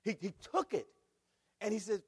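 Middle-aged preacher man, high husky voice, big swoopy delivery, long hall echo. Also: very animated, normal speed. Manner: emphatic, swings between shouting and hushed tones. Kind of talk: sermon. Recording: long reverb of a large hall.

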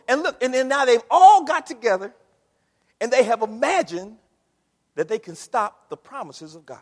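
A man delivers a sermon in a high, very lively voice. He swings from shouted lines to near-mutters. The sound carries a long reverb, as if from a big church sanctuary. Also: normal speed. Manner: animated preaching, swings from shouting to low murmurs. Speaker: preacher. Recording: long reverb of a large hall.

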